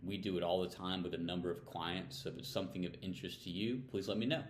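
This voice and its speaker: A man's voice: low voice, fairly even intonation, fast, echoey room, a little hiss or hum. A man hosting a weekly financial tip series, explaining in a casual, plain-spoken way and asking and answering his own questions. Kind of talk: casual explainer talking to camera.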